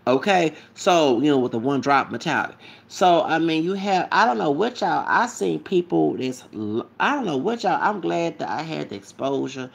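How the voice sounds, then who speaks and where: A man's voice: fairly high pitch, very animated, moderate pace, creaky, breathy edge. A man ranting casually to his camera as a vlogger, rambling and repetitive, with emphatic asides.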